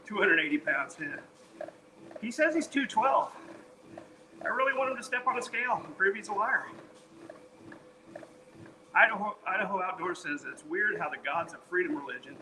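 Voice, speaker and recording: A man's voice: on the high side, noisy background. A man streaming while he walks on a treadmill, tired and sweaty, reading chat messages aloud and joking between workout stats. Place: home, on a treadmill.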